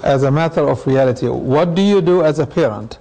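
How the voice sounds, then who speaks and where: Mellow-voiced imam giving a talk. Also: male voice, fairly high pitch, a little fast, creaky, poor audio. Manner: explanatory, uses anecdotes and acted quotes. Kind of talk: lecture with audience questions.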